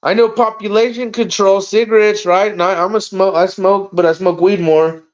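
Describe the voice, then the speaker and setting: Over dull lo-fi sound, a high-pitched man hosts a casual livestream chat at a moderate pace. His talk is animated, profane and rambling.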